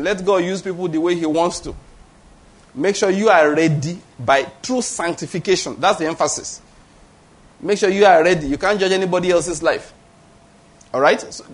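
A Nigerian pastor in his fifties preaches with emphasis. His voice sits a little high for a man, and he repeats his key points and keeps asking the congregation whether they follow. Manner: emphatic, repeats key phrases, asks the congregation "All right?". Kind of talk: sermon.

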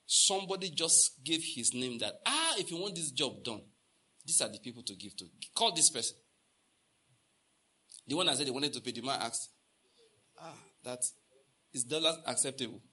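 With a bright, forceful, slightly breathy voice of medium pitch, a Nigerian pastor delivers an expressive sermon at normal speed, leaving long pauses. He narrates stories, performs the dialogue, repeats lines for emphasis, and asks the congregation questions.

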